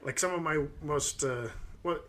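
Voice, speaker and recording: A man's voice: a little high, unhurried, a bit bright. A man in his thirties from the United States, co-hosting a podcast and telling stories in a casual, rambling way with lots of ums. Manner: rambling storytelling with many fillers. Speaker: podcast co-host. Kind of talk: casual chat.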